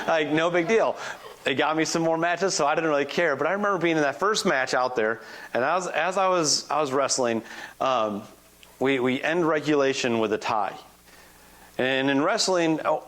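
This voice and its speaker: A man in his forties, a guest preacher telling a personal story in a conversational, animated sermon. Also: fairly high pitch. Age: 40s.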